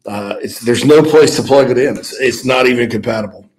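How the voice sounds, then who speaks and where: Animated man chatting on a laptop mic. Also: medium pitch, fairly quick, low-quality recording. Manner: animated storyteller, stammers and restarts. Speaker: co-host. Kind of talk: casual sports podcast chat. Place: office.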